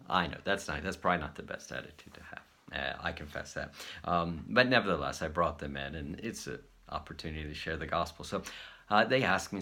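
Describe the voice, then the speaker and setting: Speaking to camera on his channel, a male host casually tells a story and acts out the quoted dialogue in an animated retelling. His voice is low and gravelly, and he talks fairly quickly.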